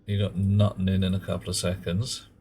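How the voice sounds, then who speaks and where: A man's voice: low-pitched, monotone, brisk, mellow, slight background noise. A man streaming a game live, chatting casually and muttering at in-game objects.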